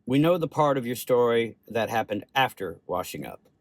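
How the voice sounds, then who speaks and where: A man voicing an older Russian doctor with a Russian accent, speaking slowly and gently. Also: mid-range voice, big pitch swings, no echo. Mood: grave. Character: older male Russian doctor, kind, sad.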